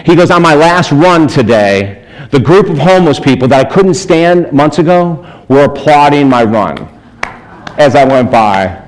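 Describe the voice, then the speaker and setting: A man giving a storytelling sermon as a spiritual speaker, animated, chuckling often and acting out the people in his stories. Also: mid-range voice, moderate pace, poor audio. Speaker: spiritual speaker and life coach. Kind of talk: storytelling sermon to a live audience.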